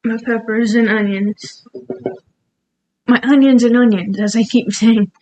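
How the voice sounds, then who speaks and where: A woman's voice: fairly high pitch, fairly even intonation, measured pace, a little mellow, a little hiss or hum, rough recording. A woman cooking in her home kitchen, rambling casually and laughing at herself as she talks through her recipe. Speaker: cooking vlogger. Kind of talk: casual cooking vlog chat.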